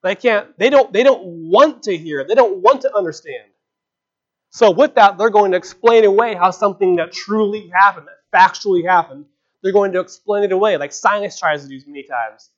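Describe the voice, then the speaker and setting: A man's voice: high voice, moderate pace. A man preaching a sermon in an earnest, conversational way, with frequent rhetorical questions, in a dull lo-fi recording.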